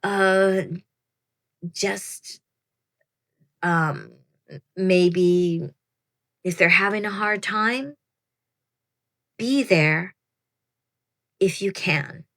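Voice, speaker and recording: Drawing out her words and leaving long pauses, a veteran participant in her fifties gives newcomers chatty, meandering advice to camera, laughing at herself along the way. Her mid-range voice has a fairly bright tone.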